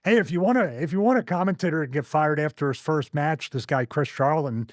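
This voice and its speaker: A man's voice: a little high, fast, dry recording, clean studio sound. Opinionated Philly-accented man hosting. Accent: Philadelphia. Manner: animated, opinionated, laughs often. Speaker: wrestling show host. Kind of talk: casual podcast chat.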